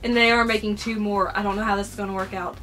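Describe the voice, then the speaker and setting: A woman's voice: mid-range voice, flat delivery, fast talker, a bit bright, soft background music. A young woman with a Southern American accent, chatting casually and gushing as a vlogger. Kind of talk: casual chat.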